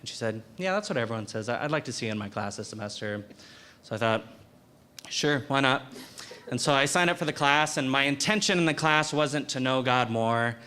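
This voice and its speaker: A young man giving a personal testimony in a university chapel, speaking earnestly and haltingly, often repeating words. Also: mid-range voice, animated, pushed and bright, a little hiss or hum. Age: young adult. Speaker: student speaker.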